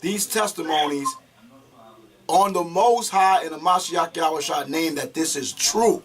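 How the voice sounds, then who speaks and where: A man's voice: fairly high pitch, measured pace, slightly rough, faint music behind. A man hosting a religious talk show, preacher-like, interjecting and using religious terms. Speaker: host.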